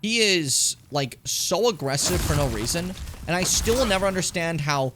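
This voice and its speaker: A man giving casual, animated commentary while playing a video game, swearing and yelping when things get tense. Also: on the high side, normal speed, noisy background. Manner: animated, swearing, yelps and pleads when in danger.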